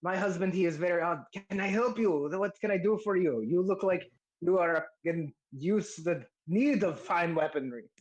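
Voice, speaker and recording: A man's voice: high voice, normal speed, dull audio, close to an everyday voice. A man putting on a polite, formal blacksmith. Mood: apologetic. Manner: formal, stiff phrasing without contractions. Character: friendly male fire-haired blacksmith, apologetic. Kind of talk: tabletop role-play voicing.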